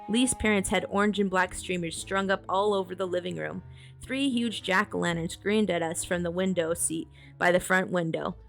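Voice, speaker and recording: A woman's voice: mid-range voice, a bit bright. Woman reading a storybook on stream. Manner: casual asides and laughter between passages. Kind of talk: reading a children's book aloud on a live stream.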